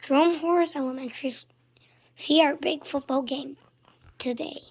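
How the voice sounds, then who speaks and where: Woman narrating a children's book read-aloud; expressive, often hushed, high voice with a gravelly edge. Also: moderate pace, slight background noise. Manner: expressive, shifting between loud and hushed. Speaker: storybook reader.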